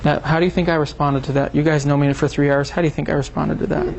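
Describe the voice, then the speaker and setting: A man's voice: fairly high pitch, fast talker, gravelly, a little hiss or hum. A man presenting a seminar to a small group, talking casually and acting out quoted exchanges as he tells a story. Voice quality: animated storyteller, acts out quotes.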